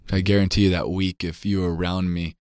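Deep-voiced earnest man telling a story. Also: level tone, fast talker, clean tone, dry recording, clean studio sound. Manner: earnest, emotional, drops to a hushed voice for tender moments. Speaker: guest. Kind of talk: personal storytelling in an interview.

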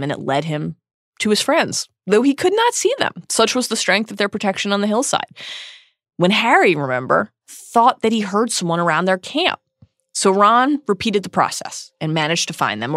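A woman co-hosting a podcast, recapping a chapter as a lively storyteller. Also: low voice, no room sound, studio quality. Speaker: podcast co-host. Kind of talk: casual chat and recap.

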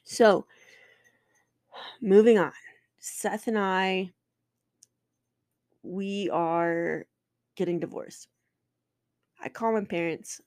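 A woman's voice: on the low side, darkish tone, no echo, studio quality. A woman in her twenties, a podcast host telling a personal story candidly and emotionally, swearing and restarting often.

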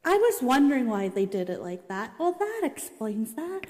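A woman's voice: on the high side, very animated, moderate pace, darkish tone, big-room sound. A young woman casually reading about an old sitcom and reacting, chatty and exasperated, with many asides. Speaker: vlogger reading and reacting to a show's history.

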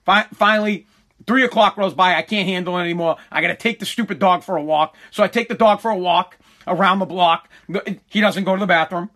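A man's voice: sits high, brisk. A man ranting in a casual, comic way, exasperated and griping, often stammering and repeating his words. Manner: shouts when quoting himself.

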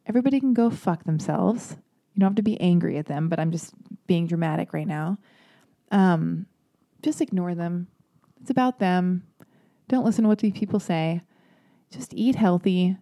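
A woman in casual chat who talks candidly and rambles, with lots of filler words and free swearing. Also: fairly low pitch. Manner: emphatic and animated when worked up.

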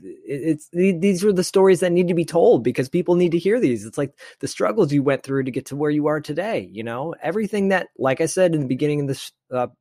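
A man's voice: fairly high pitch, lively intonation, fast talker, few pauses, warm tone, dry recording, studio quality. A man hosting a podcast, chatting casually and rambling through his thoughts. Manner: rambling, restarts often. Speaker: podcast host. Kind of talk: casual chat.

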